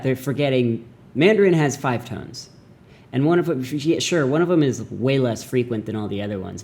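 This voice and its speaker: Youngish guy doing a chill mandarin lesson, mellow voice, animated and goofy. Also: medium pitch. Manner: animated, jokey, acts out mock voices. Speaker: language teacher. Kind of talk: casual video lesson.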